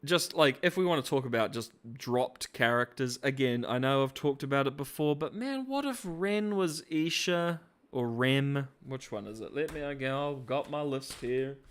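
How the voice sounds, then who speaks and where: A man's voice: mid-range voice, normal speed, hardly any pauses, a bit bright, clear, resonant tone. A man hosting a casual commentary vlog, rambling with slang, fillers and restarts. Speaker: host.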